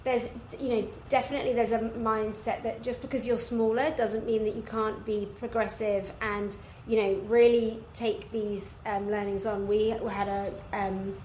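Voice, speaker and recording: A woman's voice: a little high, flat delivery, moderate pace, few pauses, a little mellow, slight background noise. A woman guest in a podcast conversation who talks thoughtfully and often restarts her sentences while she searches for words. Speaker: guest, beef supply chain business. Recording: echoey room.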